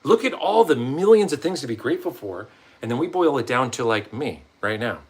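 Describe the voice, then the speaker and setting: A man's voice: mid-range voice, a little fast, breathy edge. A man vlogging a rambling, casual motivational monologue, swearing often and acting out quotes in different voices. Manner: swearing, rambling, animated quoting of himself and others.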